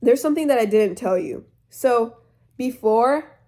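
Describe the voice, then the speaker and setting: A woman's voice: a little high, lively intonation, unhurried, warm tone. A teenage girl retelling a story in a rambling, chatty way full of fillers. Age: teens. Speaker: vlogger.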